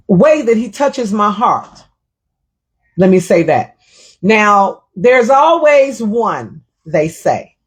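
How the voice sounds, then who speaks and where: A woman's voice: on the low side, slightly rough. A middle-aged woman hosting her own show, telling a personal story in a reflective, emotional way and repeating her phrases. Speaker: show host.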